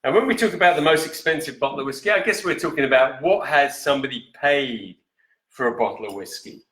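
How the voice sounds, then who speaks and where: He talks fast in a medium-pitched, fairly bright voice with reverb, hosting a live whisky show in easy conversation. Reading out viewer comments and correcting himself as he goes, he sometimes steps out of the frame of the camera in front of him.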